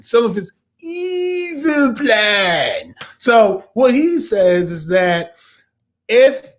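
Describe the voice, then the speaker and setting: A man hosting a casual video review, chatty and animated, acting out quotes as he talks. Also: high voice. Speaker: show host reviewing an episode.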